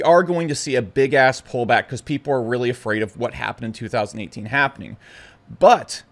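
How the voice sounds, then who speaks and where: A young man talking bluntly and excitably to camera about the markets, stumbling over his words. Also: medium pitch, brisk. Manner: blunt, brash and excitable, with stutters and restarts. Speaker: crypto commentator. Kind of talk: casual opinionated talk to camera.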